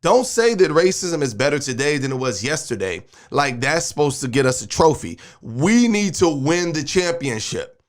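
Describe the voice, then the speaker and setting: Guy ranting and preaching over a clip he's reacting to, kinda high voice. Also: very animated, normal speed. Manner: preachy and emphatic, uses sports metaphors. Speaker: show host and minister. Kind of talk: commentary on a video clip.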